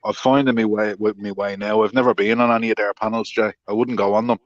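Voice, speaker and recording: A man in casual chat, talking haltingly with stammers and restarts. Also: on the low side, fairly even intonation, muffled recording.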